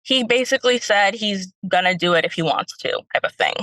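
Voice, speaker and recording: A woman's voice: medium pitch, fairly quick, fairly bright tone, dry recording, poor audio. A young woman calling in as a stay-at-home mom, telling her story in a rambling way with many fillers. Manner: rambling, lots of fillers, retells quotes.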